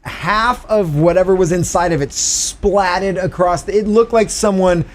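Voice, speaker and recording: A man's voice: sits high, unhurried. A man in his thirties from Southern California, telling profane stories as a podcast co-host. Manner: profane, animated storytelling. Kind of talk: casual chat, storytelling.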